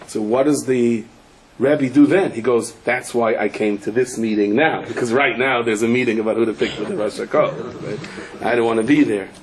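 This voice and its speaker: A middle-aged man, a rabbi, giving a humorous sermon full of anecdotes. He peppers his talk with Yiddish and Hebrew words and jumps high in pitch when he quotes people. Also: a little mellow, slight background noise, low-quality recording.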